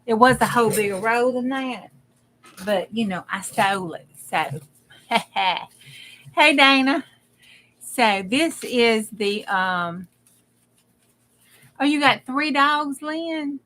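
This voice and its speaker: A woman's voice: fairly high pitch, animated, slow, long pauses, fairly bright tone. A middle-aged woman, hosting a casual crafting livestream. She rambles in a folksy way and greets viewers by name as she works. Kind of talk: casual chat while crafting.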